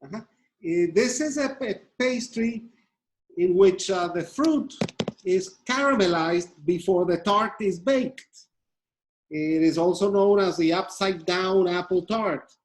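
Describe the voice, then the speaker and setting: Unhurried baking presenter, halting delivery, methodical, mid-range pitch. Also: low-quality recording. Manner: hesitant, many fillers and restarts; methodical, explains step by step. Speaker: pastry demonstrator. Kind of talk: live cooking demonstration.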